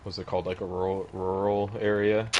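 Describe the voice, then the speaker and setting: A man chatting with a friend during a game, teasing him and laughing loudly. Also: deep voice, flat delivery, brisk, muffled recording. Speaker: co-player friend. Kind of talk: casual gaming chat.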